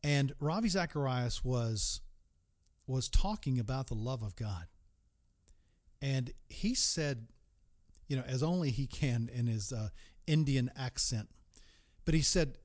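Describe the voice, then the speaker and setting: A man preaching a Bible sermon in an earnest tone. He puts direct questions to the listener and slowly stretches key words for emphasis. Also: mid-range voice, animated, darkish tone.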